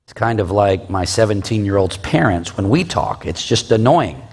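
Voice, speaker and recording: A man's voice: lowish voice, lively intonation, moderate pace, a little mellow, breathy edge. A man in his forties teaching a Bible lesson in a conversational way, with asides and rhetorical questions. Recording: long reverb.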